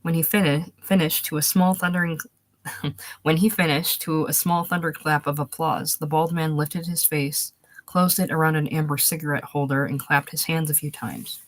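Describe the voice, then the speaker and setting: A woman narrating a short story aloud, steady, going back to fix small slips. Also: low-pitched, normal speed. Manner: steady reading, restarts after slips. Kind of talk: audiobook reading of a short story.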